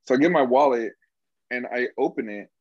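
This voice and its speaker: A young man recounts a story in loose, animated chat, breaking into laughter and cursing freely. His voice sits in an ordinary middle register. The recording is dry and a little dull. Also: medium pitch, fairly quick, breathy edge, no room sound. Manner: animated, laughing, heavy swearing.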